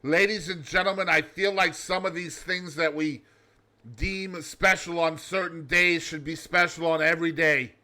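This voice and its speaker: Male host, loud, over-the-top alter-ego showman; slow, deliberate pacing, slightly high voice. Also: steady tone. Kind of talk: comedic daily show monologue.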